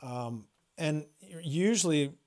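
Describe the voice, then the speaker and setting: A man's voice: on the high side, expressive, slow pace, darkish tone. Rambling man telling a personal story. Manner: rambling, swears freely, frequent restarts. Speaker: spiritual livestreamer. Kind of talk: casual livestream storytelling.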